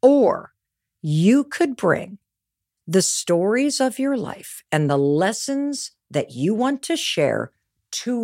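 A woman voicing a grown male colleague, speaking low, firm and persuasive. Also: no echo, studio quality, exaggerated voice. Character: grown man, a blunt encouraging colleague.

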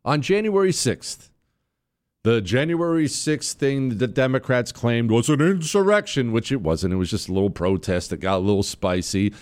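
A man's voice: medium pitch, animated, normal speed, a little mellow. A middle-aged man hosting a talk radio show, delivering an opinionated monologue with emphatic swings while fighting the hiccups. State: has the hiccups.

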